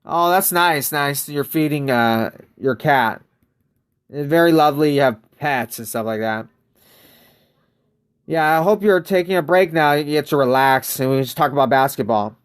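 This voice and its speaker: A man's voice: fairly high pitch, moderate pace, clear, resonant tone. A man streaming a mobile basketball game, chatting casually and greeting viewers from chat.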